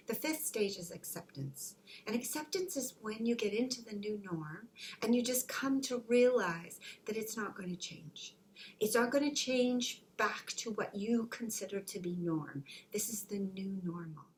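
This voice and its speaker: A middle-aged woman giving a spiritual care talk on grief. She speaks earnestly, acts out people's reactions with sudden jumps in pitch, and sinks to a soft, breathy near-whisper on serious points. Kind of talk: informal teaching talk.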